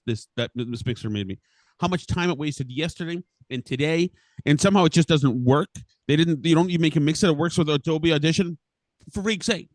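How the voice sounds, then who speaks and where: A man's voice: a little high, no echo. A middle-aged man hosting a podcast, ranting furiously and swearing with sputtering restarts. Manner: furious, profane, sputtering rant. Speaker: podcast host. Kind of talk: angry ranting monologue.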